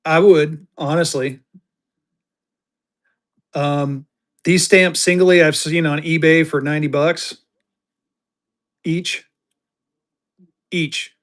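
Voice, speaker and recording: A man's voice: a little high, fairly even intonation, slow pace, pauses often, a bit bright. A man hosting a live online auction, chatty and jokey, bantering with viewers as he shows items. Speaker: livestream seller and host. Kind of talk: casual live auction selling.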